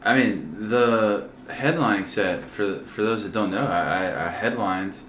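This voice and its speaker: A man hosts a casual comedy podcast in a very low, deep voice. He jokes around loosely, full of fillers and restarts, and the sound carries the echo of a room in a house with a faint hiss behind it. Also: a little slow, fairly bright tone. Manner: joking, with frequent filler words and restarts. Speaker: podcast host. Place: a friend's house.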